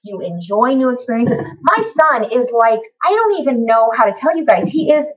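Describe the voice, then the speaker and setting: A woman's voice: on the high side, animated, normal speed. A middle-aged woman talking as a therapist and parent in an interview, passionate and emphatic. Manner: passionate, emphatic, talks with her hands. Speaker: guest, autism therapist and parent. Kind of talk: conversational interview. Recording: distant, muffled mic.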